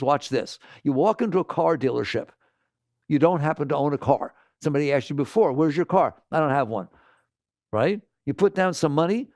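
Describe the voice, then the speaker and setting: A man with a slightly high, gravelly voice teaches a live audience about the mind. He gets animated and acts out inner voices in exaggerated quotes. The sound is close and dry. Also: no room sound. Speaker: spiritual teacher. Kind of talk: spiritual talk to a live audience.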